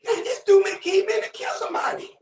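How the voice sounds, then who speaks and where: A man's voice: very high-pitched, fast talker, darkish tone, roomy sound, distant mic. A man from Buffalo, New York, calling in to a talk show with fervent, preacher-like commentary, often raising his voice. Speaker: caller. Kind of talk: impassioned call-in commentary.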